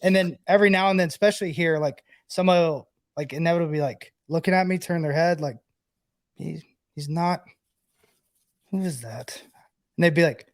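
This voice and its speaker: High-voiced man in loose sports chat. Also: quick pace, hardly any pauses. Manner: loose, rambling, heavy on "like". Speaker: co-host, former player and broadcaster. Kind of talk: casual sports podcast chat.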